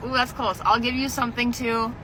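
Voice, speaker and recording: A woman's voice: fairly high pitch, little pitch movement, a little fast, sharp tone, rough recording. A woman playing a fill-in-the-blank game with a child, playful, patient and amused. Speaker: parent or relative quizzing a child. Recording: phone video with clear background noise.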